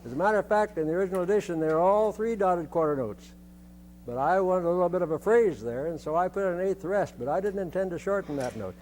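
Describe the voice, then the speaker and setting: An older man leads a band rehearsal in a fairly high voice, demonstrating rhythms by singing them on short syllables. He often repeats himself as he instructs the players. A faint hum sits under the recording. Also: quick pace, a little mellow. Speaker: band conductor.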